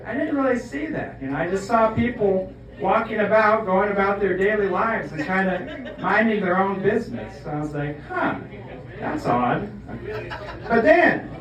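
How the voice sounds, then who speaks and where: High-voiced man telling a comic story. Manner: mock-earnest, tags lines with "okay?". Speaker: comedian. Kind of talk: comedic storytelling monologue. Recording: echoey room, far from the mic.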